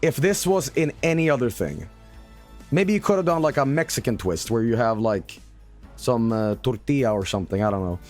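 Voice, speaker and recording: A man's voice: medium pitch, moderate pace. A man giving casual gameplay commentary on a stream, his voice leaping up and down as he rants in exaggerated terms. He slips into mock-announcer flourishes and blurts out swears when things go wrong, with faint music under him. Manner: animated, hyperbolic, swears and shouts at losses.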